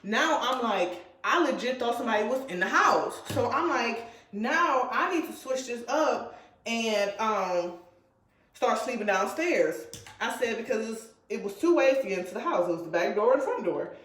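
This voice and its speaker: A woman's voice: on the high side, animated, normal speed, fairly bright tone, echoey room. A woman vlogger telling a personal story in a casual, rambling way, full of fillers and restarts. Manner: rambling, filler-heavy retelling.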